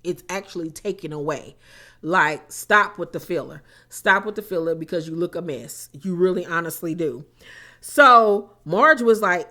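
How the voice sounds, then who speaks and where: A woman's voice: on the low side, animated, moderate pace, sharp tone. Young female recap host: casual, blunt, sassy, swears freely.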